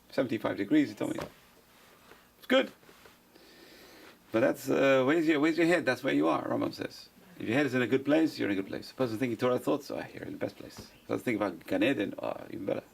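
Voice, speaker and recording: A man's voice: medium pitch, creaky, husky. A man, a rabbi, giving an informal Torah class, repeating phrases for emphasis and answering his own questions.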